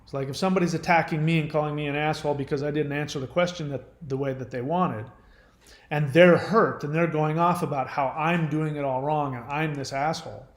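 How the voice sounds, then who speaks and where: A man's voice: fairly high pitch, echoey room. A man hosting his channel, explaining earnestly in unscripted talk and sometimes acting out the voices of people he quotes. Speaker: channel host.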